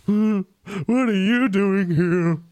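A man voicing a big, timid male ogre who whines slowly about being picked on. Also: sits high, darkish tone, clear, resonant tone, no echo, voice pushed up. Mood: whiny.

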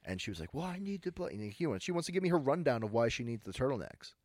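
A young man, telling stories in a laid-back, deadpan way on a casual podcast. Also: medium pitch, racing, no room sound, studio quality. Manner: laid-back, deadpan storyteller who mimics angry customers. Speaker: podcast co-host. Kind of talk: casual storytelling chat.

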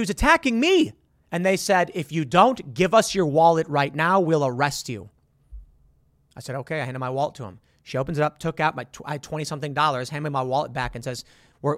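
A man's voice: on the high side, no room sound, studio quality. A man hosting a show, bluntly voicing opinions and telling stories with quoted dialogue. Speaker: podcast host. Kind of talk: opinionated monologue with storytelling.

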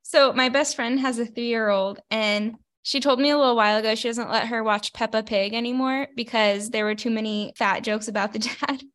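A woman's voice: a little high, steady tone, moderate pace, few pauses, a bit bright. Easygoing young woman podcast co-host. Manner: easygoing, agreeable, storytelling. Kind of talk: casual recap chat.

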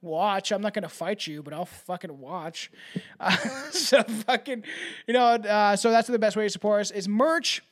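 A man's voice: high voice, normal speed. A man hosting a podcast, chatting casually and swearing often, with laughs and rambling asides. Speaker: podcast host. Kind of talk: casual podcast outro chat.

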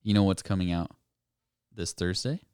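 A man co-hosting a spooky podcast in casual chat, talking in a relaxed, meandering way with small restarts. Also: sits low, normal speed, smooth, dry recording, studio quality. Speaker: podcast co-host.

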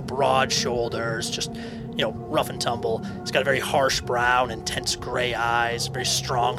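Man, game master, gravelly voice, descriptive narration, background music. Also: mid-range voice. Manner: descriptive, self-deprecating.

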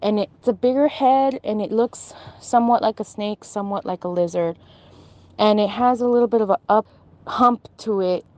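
A woman casually recounting a strange dream, pausing often and restarting as she searches for words. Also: mid-range voice, warm tone. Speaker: storyteller.

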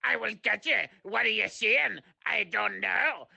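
A performer doing an impression of a rambling old-school male stand-up comic with a gravelly, raspy voice. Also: medium pitch, unhurried, lo-fi sound, exaggerated voice. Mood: rowdy. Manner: loud, rambling, aggressive banter.

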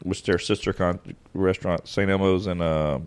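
A man's voice: low voice, fairly even intonation, moderate pace, clean tone. A man co-hosting a podcast in casual chat, playful and self-mocking, with short quips. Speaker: podcast co-host.

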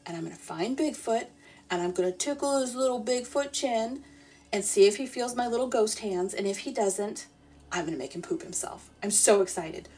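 A woman narrating a playful, deadpan comic sleep story in the first person. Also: a little high, normal speed, slightly rough. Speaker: podcast storyteller.

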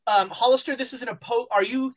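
A woman narrating as game master of a tabletop horror game, halting often with fillers. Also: on the high side, fairly even intonation.

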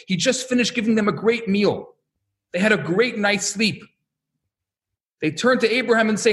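A male religious teacher delivering a lecture in the style of a sermon, with a high voice. His pitch swings widely as he tells stories and acts out the voices in them. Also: moderate pace. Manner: animated storytelling, acts out quotes.

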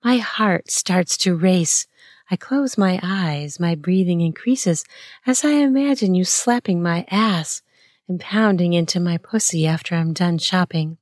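A woman narrates an intimate first-person erotic story at a languid, unhurried pace. Her voice sits slightly low, breathy and playful, dotted with soft laughs and gasps. The recording is close and dry, with no room sound. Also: no room sound.

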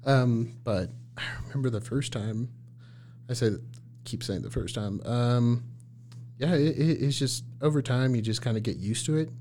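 A man's voice: mid-range voice, normal speed, dark tone, slight background noise. Talkative male paramedic telling stories. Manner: laughs often, acts out his own past lines in a raised voice. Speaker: paramedic guest. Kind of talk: casual storytelling chat.

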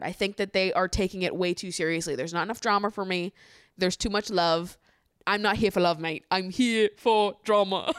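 A woman's voice: mid-range voice, no echo, studio quality. A young woman hosting a podcast in casual chat, swearing freely and laughing often. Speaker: podcast host.

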